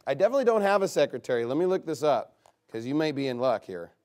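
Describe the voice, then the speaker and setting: A man leading a guessing game with a live group, reading out a long list in a chatty, upbeat way with quick asides. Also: medium pitch, big pitch swings, a little mellow.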